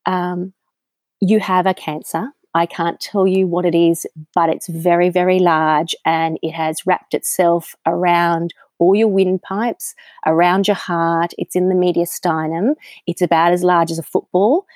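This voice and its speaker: A woman's voice: on the low side, little pitch movement, unhurried, darkish tone, dry recording. A woman with an Australian accent, telling her story candidly as an interview guest, with frequent ums. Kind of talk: conversational interview.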